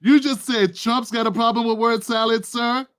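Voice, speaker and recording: A man's voice: very high-pitched, steady tone, normal speed, a bit bright, smooth. A man hosting a casual political commentary livestream, talking straight to his viewers in a playful, riffing way.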